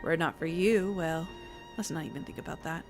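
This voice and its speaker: A woman voicing a calm, reflective villager in a fantasy game, speaking in a measured, earnest way. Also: sits low, music in the background, close to an everyday voice.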